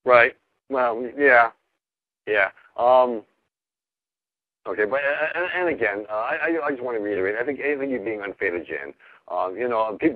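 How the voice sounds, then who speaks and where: A calm male caller who stammers and hesitates as he disagrees politely with the host. His mid-pitched voice sounds dry and tinny over the phone line. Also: dry recording. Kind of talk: call-in radio chat.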